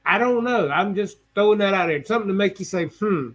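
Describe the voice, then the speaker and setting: A man's voice: high-pitched, expressive, a little fast, a bit bright. A middle-aged man hosting a live hobby stream, telling a story in a plainspoken, folksy way and turning to his viewers with asides. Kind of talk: casual storytelling chat.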